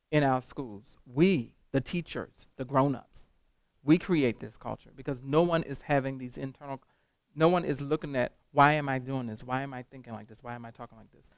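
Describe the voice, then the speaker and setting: A man leading a teacher training workshop, lively and animated, quizzing the room with questions as he goes. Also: fairly high pitch, no echo. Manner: animated, talks to the room with call-and-response questions. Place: classroom.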